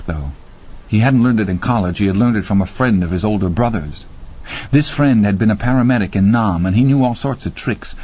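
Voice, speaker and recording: A man with a husky voice narrating a horror audiobook with slow, dramatic pacing. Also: fairly low pitch, darkish tone. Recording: dull lo-fi audio.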